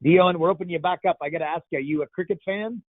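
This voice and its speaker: A man's voice: sits high, very fast, no room sound. A man hosting a casual Q&A call, playful and rambling, joking with callers. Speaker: host. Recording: tinny phone-like line, dry.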